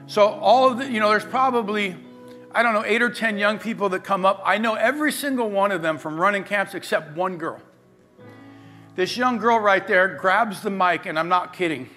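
A middle-aged man preaching a sermon as pastor, telling a personal story in a lively way and acting out the people he quotes. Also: sits high, moderate pace. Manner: animated storyteller, acts out quoted voices. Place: church sanctuary. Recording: faint guitar music behind.

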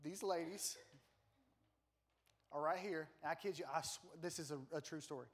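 A man preaches to his congregation, spinning a lively and self-deprecating story with plenty of humor. His voice sits fairly high for a man. He speaks like a pastor used to holding a room. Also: moderate pace. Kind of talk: sermon with personal story.

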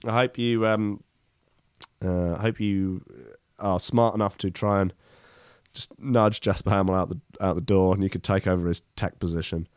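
A man's voice: low-pitched, steady tone, moderate pace, clear, resonant tone, dry recording, clean studio sound. Sardonic man reading news aloud. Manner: sardonic, rambling asides.

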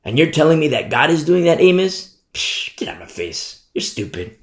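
A preacher playing a sneering scoffer. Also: male voice, a little high, big pitch swings, normal speed, reverberant. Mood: scornful. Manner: sneering, dismissive. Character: scoffing skeptic mocking a prophet.

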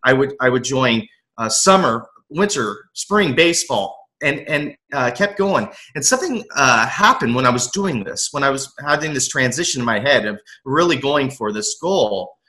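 A man's voice: mid-range voice, expressive, moderate pace, sharp tone, low-quality recording. A man telling his personal story as an interview guest, earnest, acting out his younger self as he recalls it. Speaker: guest, aspiring motivational coach.

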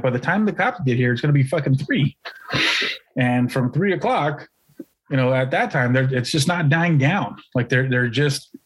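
Man, husky voice, podcast co-host, casual rambling story, swears a lot. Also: medium pitch, low-quality recording. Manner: rambling, profane, lots of restarts.

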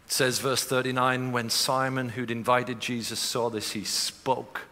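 A man preaching a sermon as pastor, moving from quiet storytelling to impassioned preaching in a church auditorium. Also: medium pitch, little pitch movement, a little slow. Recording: long reverb of a large hall.

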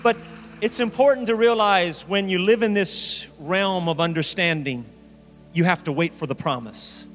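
A man preaching a sermon as pastor, with emphatic rises and slow dramatic phrases. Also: sits high, fairly bright tone. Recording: reverberant hall with faint music.

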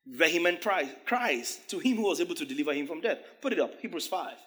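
A man preaching a sermon, animated, laughing often and acting out the voices of biblical figures. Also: on the high side, fast talker. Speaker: pastor.

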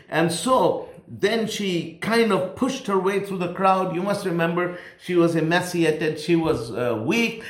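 A man's voice: high voice, unhurried, roomy sound. A man preaching a sermon with emphasis, repeating key phrases for stress.

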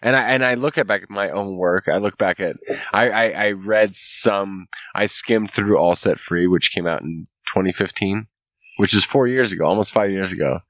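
A man's voice: low voice, moderate pace, no echo. A young man co-hosting a podcast, talking casually, swearing a lot and laughing often. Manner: profane, animated, laughs often. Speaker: podcast co-host.

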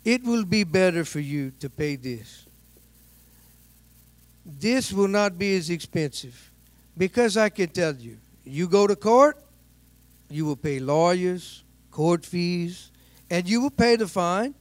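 A man voicing a stern, middle-aged male police officer who speaks slow, measured, broken English. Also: sits high, lively intonation, no room sound. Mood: firm.

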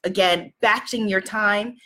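A woman's voice: mid-range voice, unhurried, pushed and bright. A woman business coach chatting casually to her audience, rambling with many fillers and restarts.

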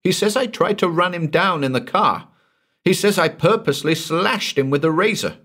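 A man's voice: sits high, expressive, moderate pace, bright, forceful tone, breathy edge, voice pushed up, heavily acted. A man voicing a frightened young married woman who speaks in a strained, anxious voice.

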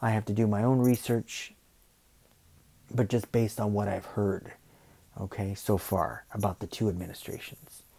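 A man's voice: fairly low pitch, flat delivery, normal speed, gravelly, mellow, husky. A man hosting a podcast, ranting opinionatedly and often checking in with "you know" and "okay". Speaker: podcast host.

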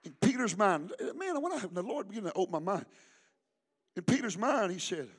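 A man's voice: high-pitched, very animated, brisk, husky. A man preaching a sermon as pastor at a church service, fervent and emphatic, urging the congregation to repeat after him. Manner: fervent, emphatic preaching with call-and-response prompts.

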